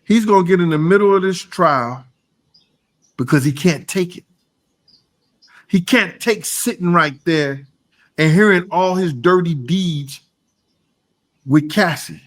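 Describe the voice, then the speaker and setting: A man talking casually on a podcast, hammering his points home with emphasis and restating them. His voice sits a little higher than most men's. When he drops his voice he trails off into low mumbling. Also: a little slow, long pauses. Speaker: podcast co-host. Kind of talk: casual reaction talk.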